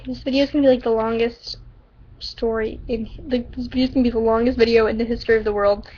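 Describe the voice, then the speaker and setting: A woman's voice: on the high side, fairly even intonation, fast talker, dark tone, a little hiss or hum. A woman reading her own story aloud on a lo-fi recording, often giggling and stumbling over words. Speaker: amateur storyteller. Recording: dull lo-fi recording.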